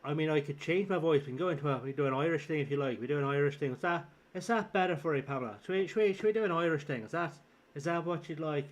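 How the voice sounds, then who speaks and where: A man's voice: a little high, quick pace. A young man streaming a game, chatting casually in a rambling, self-deprecating way and chuckling often. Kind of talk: casual gaming livestream chat.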